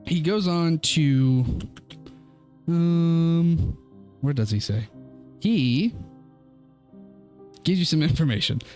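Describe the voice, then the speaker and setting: A young man narrating a tabletop game as game master, relaxed and halting, with many fillers. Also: a little high, faint music behind.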